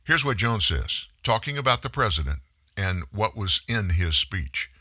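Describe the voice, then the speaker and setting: A man's voice: lowish voice, very animated, normal speed, bright, forceful tone, no room sound, studio quality. A man giving a political commentary monologue, emphatic and sarcastic, full of rhetorical questions.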